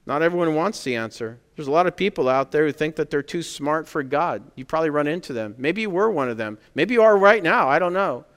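A man preaching a sermon in a conversational, emphatic way, pressing points with loud stresses. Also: on the high side, lively intonation, fairly quick, few pauses, clean tone, long reverb tail.

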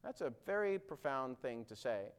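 A man's voice: mid-range voice, big pitch swings, moderate pace, smooth. A man preaching a sermon, earnest and direct, asking his listeners questions and acting out quoted lines with growing force.

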